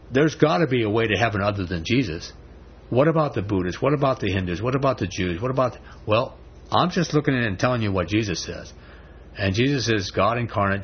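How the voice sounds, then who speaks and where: A man's voice: medium pitch, slightly rough, muffled recording. A man preaching a sermon with emphatic delivery, asking rhetorical questions and pressing his points with rising emphasis.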